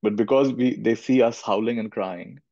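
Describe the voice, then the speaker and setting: A man's voice: mid-range voice, moderate pace, gravelly, warm tone, no echo. A middle-aged man from India, giving a thoughtful spiritual talk as a teacher and repeating phrases for emphasis. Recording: dull lo-fi recording.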